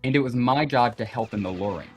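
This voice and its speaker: Young male gamer guest, mid-pitched, chatty and rambling over voice chat, soft music underneath. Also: fast. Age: young adult. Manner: rambling, full of "like" and "you know". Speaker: guest on a gaming stream. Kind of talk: casual storytelling in a group voice chat. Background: faint background music.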